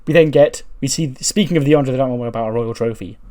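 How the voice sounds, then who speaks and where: A man's voice: mid-range voice, quick pace, mellow. A man casually narrating his wrestling game playthrough, with lots of fillers. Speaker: game streamer. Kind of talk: let's play commentary.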